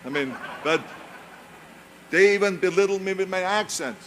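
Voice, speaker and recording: Austrian-accented man, motivational speaker, emphatic and repetitive, slightly raised pitch. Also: normal speed, long pauses, a bit bright, slight background noise. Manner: emphatic, repeats phrases for weight. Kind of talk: motivational speech.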